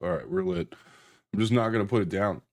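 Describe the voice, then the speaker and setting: On a live stream, a man reviews a grinder while chatting in a laid-back, loose, rambling way. He talks fairly quickly, and his voice sounds high and a little out of breath.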